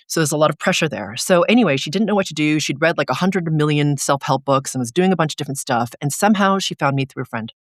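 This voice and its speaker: An interview guest who works as an energy coach, explaining ideas and telling a client's story in a casual, animated way, often filling with "like". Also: mid-range voice, fast talker, hardly any pauses, dry recording, studio quality. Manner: animated storyteller, frequent "like" fillers.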